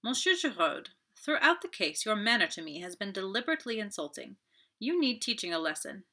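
A woman's voice: mid-range voice, sing-song, fairly quick, sharp tone, full character voice. Woman doing a fussy proud detective. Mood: haughty. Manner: formal, clipped, emphatic. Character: fussy proud male detective, precise and dignified. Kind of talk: audiobook character voice.

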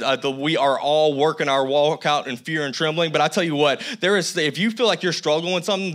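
A man's voice: a little high, a bit bright. A man preaching a sermon as a church pastor, conversational with humorous asides. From United States. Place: church sanctuary.

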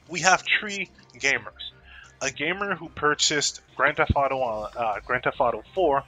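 A man's voice: medium pitch, bright, forceful tone, dull audio. Profane, joking gaming vlogger man. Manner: profane, laid-back, joking. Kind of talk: casual rant to camera.

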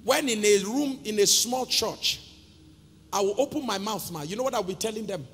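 A man with a Nigerian accent preaching a sermon as pastor, calling out to the congregation and breaking into sung and shouted phrases. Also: high-pitched, animated, normal speed, husky. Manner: call-and-response preaching, sings and shouts phrases. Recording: reverberant church hall with music.

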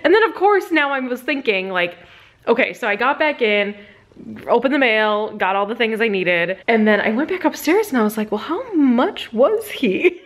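A woman vlogger at home on a sofa, telling a funny story in a chatty, animated way and laughing often. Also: fairly high pitch, moderate pace. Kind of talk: casual storytelling vlog.

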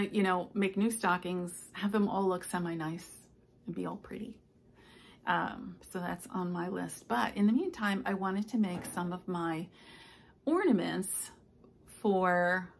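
A woman's voice: lowish voice, measured pace, creaky, long pauses. A woman in her sixties chatting casually at home about her stitching projects, rambling with many fillers. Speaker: stitching vlogger. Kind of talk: casual chat. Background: household noises, clock and ice maker.

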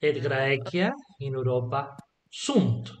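A man's voice: mid-range voice, lively intonation, takes it slowly. A man teaching Latin to a small group, patiently asking questions and checking that they follow. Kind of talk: online group lesson.

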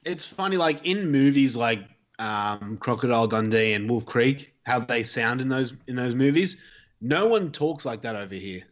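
A man's voice: mid-range voice, lively intonation, normal speed, dull audio. Easygoing Australian man on a podcast. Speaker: podcast guest. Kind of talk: casual podcast chat.

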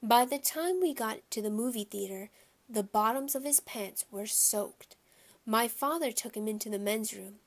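A woman reading a children's chapter book aloud, telling the story in a clear, lively way. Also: fairly high pitch, moderate pace. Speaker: audiobook reader.

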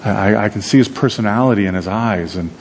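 A man's voice: fairly low pitch, fast talker, slight background noise, lightly acted. A man voicing an older grieving father in a sermon story, stammering with emotion. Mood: moved.

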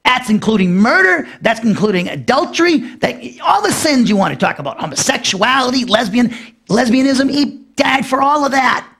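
A man preaching a verse-by-verse Bible lesson. His voice sits high, climbing further when he stresses a point and sinking low and soft as he wraps one up. He repeats key phrases for emphasis and asks questions of his listeners. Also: expressive, moderate pace, vocal fry, breathy edge. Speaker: pastor teaching a Bible class. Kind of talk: expository sermon.

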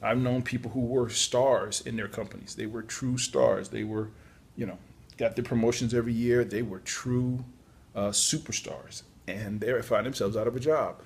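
A man's voice: mid-range voice, fairly even intonation, normal speed, creaky, breathy edge. A tired man giving casual, chatty job-search advice, yawning at times and adding apologetic asides. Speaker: podcast host on job search. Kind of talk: casual spoken advice talk.

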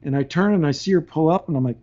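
Slightly high-voiced male guest, laughs through his anecdotes, lightly dulled podcast sound. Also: very fast, mellow, dull audio, a little hiss or hum. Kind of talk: casual storytelling.

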